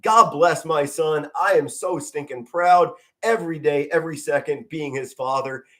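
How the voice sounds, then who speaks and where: Passionate fan commentator, fairly high voice. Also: male voice, moderate pace, sharp tone. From Pennsylvania. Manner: passionate, emotional, stands and moves while talking, occasional stutters. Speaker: amateur play-by-play commentator. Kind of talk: live fan sports commentary stream. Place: home, standing in front of a flag.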